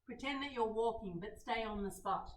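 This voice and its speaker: A woman leading a children's yoga lesson in a gentle, coaxing way, asking the kids questions as she guides them. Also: fairly high pitch, moderate pace. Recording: roomy sound from a distant mic.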